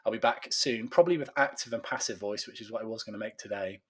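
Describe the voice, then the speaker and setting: A man's voice: lowish voice, fast talker. A man teaching a recorded grammar lesson, explaining step by step in a chatty way with playful asides. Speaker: tutor.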